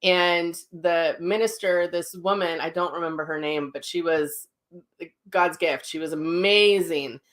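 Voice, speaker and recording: Candid, rambling woman host, slightly low voice. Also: fairly even intonation, a little slow. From Minnesota. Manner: candid, rambling, with frequent fillers and self-corrections. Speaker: psychic medium host. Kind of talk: casual personal talk.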